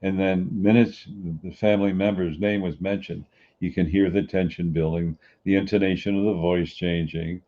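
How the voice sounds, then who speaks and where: A middle-aged man with a very low, deep voice delivers an earnest motivational talk. He preaches and repeats his points. The recording sounds dull and lo-fi. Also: steady tone, normal speed. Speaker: podcast host.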